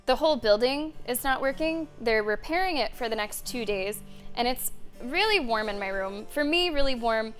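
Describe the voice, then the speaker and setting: A woman streaming a game and chatting casually, animated and loose, who swears and laughs freely, in a warm room with a fan running. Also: a little high, moderate pace, faint music behind. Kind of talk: casual gameplay commentary.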